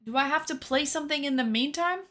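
A woman's voice: sits high, fast talker, a bit bright, slight background noise. A woman streamer chatting casually to her viewers while gaming, swearing freely.

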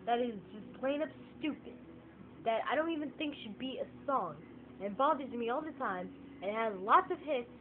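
A woman vlogging a casual, exasperated opinion rant to her phone camera, repeating herself for emphasis. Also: a little high. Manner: animated, exasperated, emphatic repetition. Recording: tinny lo-fi phone audio with faint noise.

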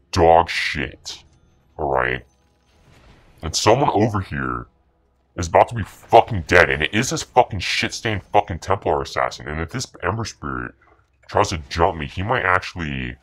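A man's voice: low voice, fairly bright tone. A man commentating his own video game match, boastful and profane, sneering at the other players with repeated catchphrases. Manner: boastful, profane, contemptuous trash talk; repetitive catchphrases. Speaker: gaming commentator. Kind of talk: gameplay commentary.

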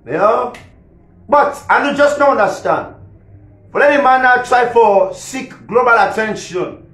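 A man's voice: very high-pitched, fairly bright tone. A man with a Sierra Leonean Krio accent, ranting casually on a live stream, rambling and repeating himself, laughing between lines. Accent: Sierra Leonean Krio English. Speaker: musician and social media personality. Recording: echoey room.

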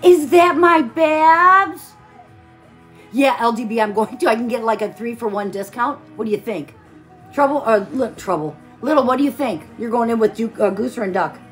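A woman's voice: fairly high pitch, lively intonation, normal speed, faint music behind. A tired woman hosting a live stream, chatting casually while she crafts and greeting viewers by name with pet names.

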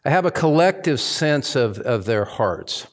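A man's voice: mid-range voice, very animated, a little slow. A middle-aged man preaching a sermon as pastor in a church service that is streamed live, speaking earnestly and reflectively with frequent restarts and asides.

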